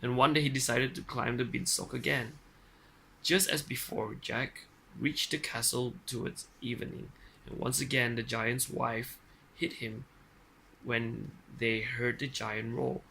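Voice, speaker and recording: A man's voice: mid-range voice, fairly even intonation, a little slow, vocal fry, sharp tone, slightly rough, rough recording. A middle-aged man reading a children's story aloud at home, plainly and playfully, with small slips. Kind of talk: casual bedtime story reading.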